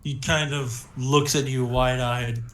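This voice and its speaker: A man's voice: medium pitch, steady tone, takes it slowly, fairly bright tone, reverberant, a little hiss or hum. A young man narrating a tabletop game as game master, laid-back, with lots of fillers and little chuckles.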